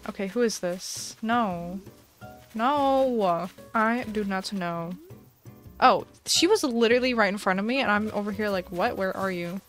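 A young woman streamer giving chatty, excitable commentary while playing a game, swinging between dramatic despair and delight. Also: medium pitch.

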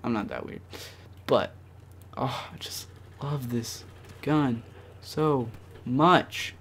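Male gamer narrating his own matches; rambling delivery full of ums and likes, with sudden excited spikes. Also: mid-range voice, slow, a little hiss or hum. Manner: rambling with many fillers, bursts of excitement. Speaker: gaming channel host. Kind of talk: casual gameplay commentary.

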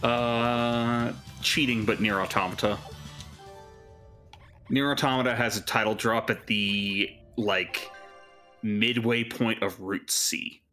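A man with a low but bright, forceful voice talks through gameplay in a loose, casual way. He hesitates often and fills gaps with "like" and "um". Soft game music plays underneath. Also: fairly even intonation, takes it slowly. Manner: hesitant, heavy on fillers like "like" and "um". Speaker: co-host of a game stream. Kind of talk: casual chat over gameplay.

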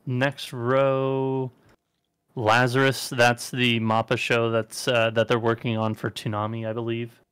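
A man's voice: mid-range voice, completely flat delivery, a little slow, fairly bright tone, smooth, no echo. Offhand, wry male podcast co-host. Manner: offhand, wry, swears casually. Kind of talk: casual chat.

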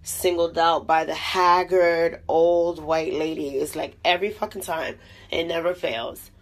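A little slow, low-pitched and fairly even in intonation, her voice carries an angry, foul-mouthed rant full of filler words. The touring artist is venting into her phone at an airport terminal, recorded noisily with vehicles audible.

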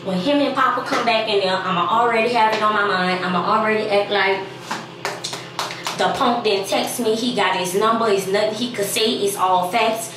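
A woman's voice: medium pitch, steady tone, normal speed, background noise. A young woman, talking in a brash, rambling, hyped way while she films a prank vlog at home. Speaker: vlogger pranking her boyfriend. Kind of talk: casual prank vlog talk. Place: home room. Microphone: camera set up in the room. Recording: echoey room, far from the camera.

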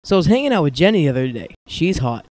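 A man's voice: fairly high pitch, big pitch swings, very fast, a little mellow. A teen boy playing a spacey, girl-crazy superhero. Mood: dreamy. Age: late teens. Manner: distracted, drifting off mid-sentence. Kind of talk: amateur comedy sketch.

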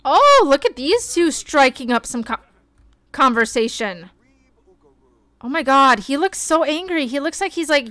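Young woman, streamer, excitable, chatty, smooth clear voice, gaming commentary. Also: high-pitched, a little slow, no room sound, soft background music. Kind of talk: casual gameplay commentary.

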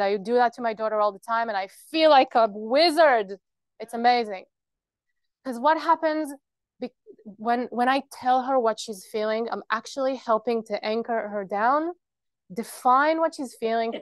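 A woman's voice: fairly high pitch, no echo. Dry-sounding woman leading a workshop. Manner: earnest, explanatory, checks in with listeners. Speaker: workshop presenter. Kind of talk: practical workshop talk.

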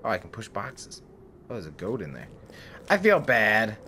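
This let's play gamer has a lowish, pushed and bright voice with huge swings in pitch, speaking at normal speed. His commentary is casual and jokey, full of swearing and self-directed laughter, with game music underneath and a bit of background noise.

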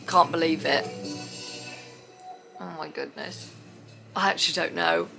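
A woman gushing and squealing excitedly as she reacts to a dance show on TV. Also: deep voice, measured pace, vocal fry, poor audio. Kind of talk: watch-along reaction chat. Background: TV show with music playing.

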